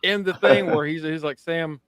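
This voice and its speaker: A man's voice: on the high side, unhurried, over a noisy crowd. A man co-hosting a podcast, casually recapping a TV episode with profanity and acted-out quotes. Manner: animated, profane, acts out scenes. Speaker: podcast co-host. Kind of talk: casual show review chat.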